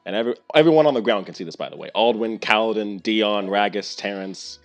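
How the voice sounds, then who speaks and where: A man's voice: on the low side, fast talker, faint music behind. A man narrating as game master of a tabletop game, rambling with many fillers.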